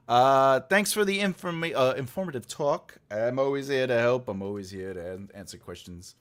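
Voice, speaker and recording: A man's voice: mid-range voice, sing-song, moderate pace. A man hosting a writing livestream, chatting casually and rambling as he reads out and answers chat messages, often laughing.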